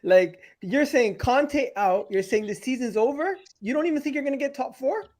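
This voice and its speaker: A man hosting a football panel debate, briskly steering the discussion and inviting other opinions. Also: extremely high pitch, lively intonation, darkish tone. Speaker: host of a football talk show.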